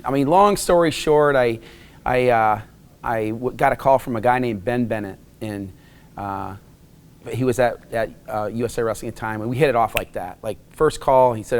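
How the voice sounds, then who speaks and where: A middle-aged man from Wisconsin, telling a rambling personal story in a casual interview, with many restarts. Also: mid-range voice. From Wisconsin, USA. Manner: rambling anecdotes with frequent restarts and acted quotes.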